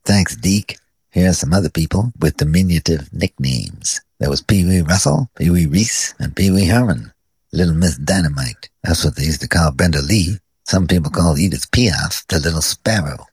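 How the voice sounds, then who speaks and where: A man's voice: low voice, lively intonation, normal speed, a little mellow, husky, dry recording. A man hosting a radio music show, introducing records with dry, wry narration. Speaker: radio host.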